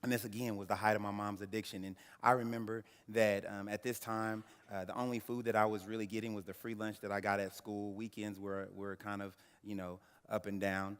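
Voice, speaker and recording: Male keynote speaker in his thirties; low-pitched, dramatic storyteller; reverberant banquet hall. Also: flat delivery, fairly quick, hardly any pauses, clear, resonant tone. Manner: dramatic storyteller who addresses the audience directly. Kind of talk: personal storytelling speech. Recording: echoey banquet hall through a PA.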